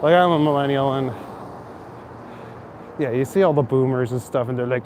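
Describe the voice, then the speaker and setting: A man's voice: medium pitch, fairly quick, long pauses, a little mellow. A man in his thirties talks to his stream while he walks outdoors through city streets. His talk is loose and casual, with swearing and frequent laughs. Faint traffic noise hums behind him. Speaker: livestreamer. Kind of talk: casual walking livestream chat.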